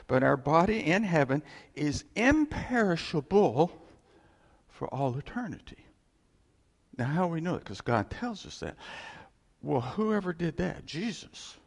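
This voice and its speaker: Guy preaching a sermon, gravelly voice, pitch all over the place, long reverb in the room. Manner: lively storytelling, acting out the voices in the stories.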